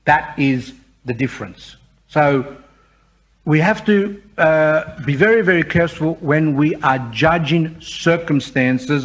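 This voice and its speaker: A man, a priest, giving an informal, conversational sermon, with frequent fillers and acted-out quotes of other people. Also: medium pitch.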